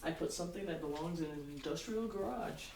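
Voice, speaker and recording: Recorded off-mic in her living room, with roomy acoustics and faint background noise, a young woman rattles off casual stories at a quick pace. Her voice is lowish and creaky, and she rambles with plenty of "like" fillers and swear words.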